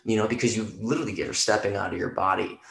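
A man with a low, gravelly voice rambles through a casual podcast chat, loose and profane and full of "you know"s. The sound is roomy, with a clear echo off the walls. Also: fairly even intonation, very fast, a bit bright, slight background noise.

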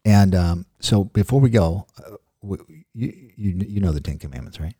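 A man's voice: low-pitched, normal speed, dark tone, husky, no echo, studio quality. A middle-aged man from the Ozarks with a Southern accent, co-hosting a podcast in a folksy, joking way. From Ozark region, US. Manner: folksy, joking, restarts often. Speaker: podcast co-host. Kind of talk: casual podcast chat.

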